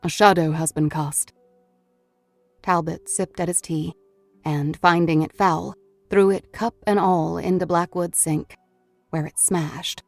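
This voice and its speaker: A woman's voice: lowish voice, steady tone, unhurried, vocal fry, darkish tone, no room sound, soft background music. A woman reading a horror novel aloud as an audiobook narrator, in a scripted storytelling manner.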